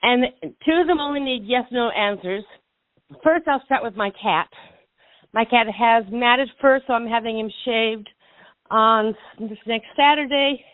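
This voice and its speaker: A woman's voice: on the high side, measured pace, dry recording. A woman calling into a radio show, out of breath and anxious, stumbling over her words. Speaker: caller. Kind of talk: call-in radio talk. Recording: tinny phone line, dry.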